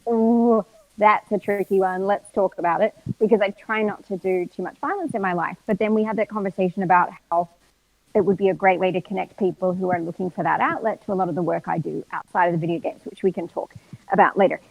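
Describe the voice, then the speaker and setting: An Australian woman with a mid-range voice tells lively stories as an interview guest. She slips into other people's voices as she recounts them and laughs often. The sound is dry and close. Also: medium pitch, quick pace, creaky, dry recording, rough recording. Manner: lively storyteller, acts out quotes, laughs often. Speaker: voice actor guest. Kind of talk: casual live-stream interview.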